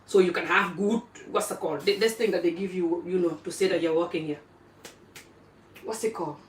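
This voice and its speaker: An African woman vlogging casually while eating, chatting in an animated way and jumping from topic to topic. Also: fairly low pitch, fairly quick. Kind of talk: casual live-stream chat while eating. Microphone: phone camera pointed away from her. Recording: roomy phone audio from a distance.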